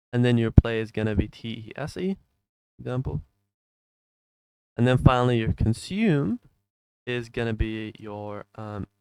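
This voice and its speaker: A man lectures over a voice call, rattling through dense material and checking in with "right?" as he goes. His voice is mid-pitched and sounds dry and close to the mic, with no room around it. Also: gravelly, clean tone, no room sound. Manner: quick, filler-heavy explaining. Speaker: online class teacher.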